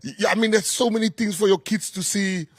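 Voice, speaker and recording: A man's voice: high-pitched, steady tone, brisk, no room sound. A South African man, a government minister, giving an effusive, emphatic press conference speech full of repeated phrases.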